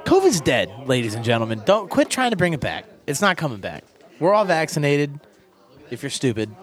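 Lively joking young man, crude banter. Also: a little high, fairly quick. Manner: crude joking, laughs often. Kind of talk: casual comedic chat.

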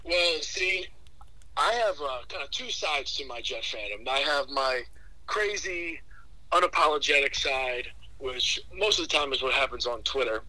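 A man calling in as a guest to a sports podcast, giving opinionated, animated takes with frequent restarts. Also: medium pitch, normal speed, dry recording, poor audio. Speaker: caller, guest fan. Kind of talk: casual sports talk.

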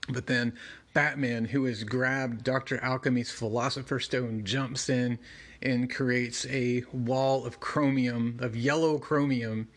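A man's voice: mid-range voice, fairly even intonation, takes it slowly, a bit bright. A man casually narrating and commenting on a comic book, conversational with fillers and side remarks. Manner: conversational, many fillers and asides. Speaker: comic book reviewer and reader.

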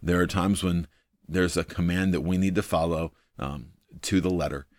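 A man's voice: low voice, steady tone, moderate pace, darkish tone, dry recording, studio quality. A man hosting a devotional video, teaching from the Bible in an earnest, thinking-aloud way, full of ums and repeating his main points.

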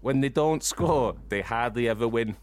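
A man putting on a mock voice of a male football pundit, slow and flat. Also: mid-range voice, dry recording, voice pushed down, close to an everyday voice. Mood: deadpan.

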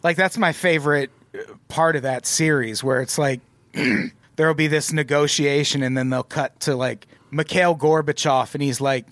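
A man's voice: a little high, steady tone, moderate pace, a bit bright, no room sound. A man hosting a casual chat, sardonic and loose, swearing freely. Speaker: podcast host.

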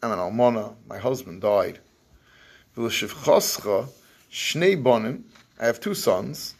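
A man's voice: medium pitch, gravelly, husky. A man teaching an evening Torah class, reading verses, translating them and acting out what the people said, in Yeshivish English. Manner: Yeshivish English with Hebrew phrases.

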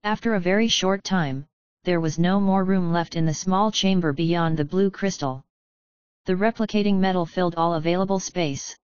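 A woman narrating an audiobook in a steady, even reading manner. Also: on the low side, moderate pace, clear, resonant tone, no echo, muffled recording.

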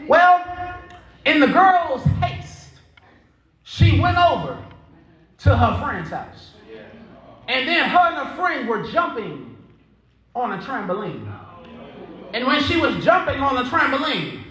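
A Southern pastor preaches with a very high, bright voice. His pitch swings widely as he moves from storytelling into shouted calls to the congregation. The sound rings in an echoey church hall. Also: big pitch swings, slow, pauses often. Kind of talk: sermon.

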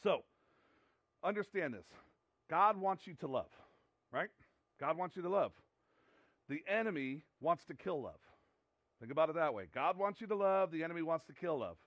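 A man's voice: fairly high pitch, lively intonation, moderate pace, long pauses, no echo, lo-fi sound. A man preaching a sermon in an earnest, conversational way, often repeating himself and restarting sentences. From United States. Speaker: pastor.

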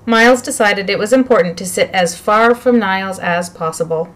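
A woman reads a children's novel aloud in a lively, expressive way. Her voice sits at a middle pitch. She paces the story for young listeners. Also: moderate pace, hardly any pauses. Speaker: narrator. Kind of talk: audiobook reading of a children's novel.

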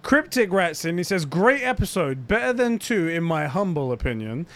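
Laid-back guy cohosting, chuckles a lot, slightly higher voice. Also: sing-song, normal speed, fairly bright tone. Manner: easygoing banter, laughs often. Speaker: podcast co-host. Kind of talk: casual chat.

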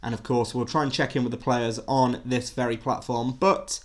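A man's voice: medium pitch, steady tone, moderate pace. Male podcast host signing off. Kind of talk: scripted outro.

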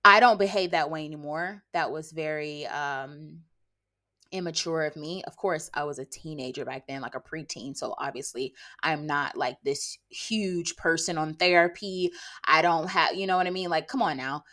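A woman in her late twenties talks straight to her podcast listeners in a blunt, sassy way. Her voice sits a little low, and she often finishes a point with a pointed "okay?". There is a sarcastic edge to how she lectures. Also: pushed and bright. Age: late 20s. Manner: sarcastic, quick bursts of laughter. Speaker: podcast host. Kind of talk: casual monologue podcast.

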